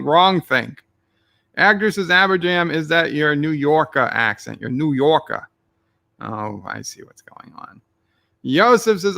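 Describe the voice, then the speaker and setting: A man's voice: fairly high pitch, gravelly, sharp tone, no echo. A man streaming live, reading his chat messages aloud with dry joking asides.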